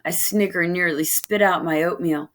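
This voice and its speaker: A woman reading a children's novel aloud in steady first-person narration. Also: fairly low pitch, moderate pace. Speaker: reader of a novel.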